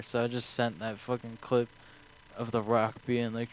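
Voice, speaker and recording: A man's voice: mid-range voice, level tone, fairly quick, slight background noise, poor audio. A young man streaming, answering viewer questions in a rambling, offhand way full of swearing. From United States.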